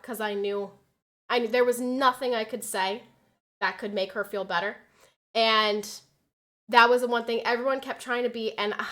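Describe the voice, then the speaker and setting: A young woman streamer tells a personal story in a loose, conversational way. Her voice is bright and slightly high-pitched, with a sharp edge to it. She swears freely and voices what other people said loudly and with energy. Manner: animated, swears, acts out quotes loudly. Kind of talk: casual storytelling chat.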